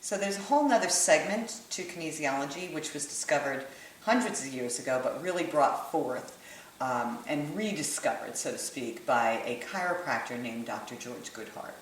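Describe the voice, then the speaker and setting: Low-voiced woman teaching in an echoey room. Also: expressive, normal speed, far from the mic, a little hiss or hum. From United States. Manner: conversational, checks in with "right?" and "okay?". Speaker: holistic kinesiology teacher. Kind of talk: explanatory lesson to camera.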